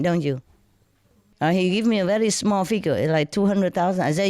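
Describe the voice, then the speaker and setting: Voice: medium pitch, brisk, a little mellow, dry recording, clean studio sound. A speaker whose first language is not English, telling a casual anecdote to a friend in broken grammar, often laughing and growing indignant. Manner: frequent fillers like you know and yeah. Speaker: storyteller.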